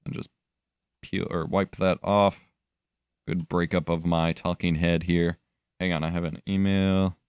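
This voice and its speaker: A man's voice: low voice, little pitch movement, measured pace, pauses often, smooth, no echo, studio quality. A young man chatting casually while editing on a live stream, thinking aloud and swearing now and then. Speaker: livestreamer editing video.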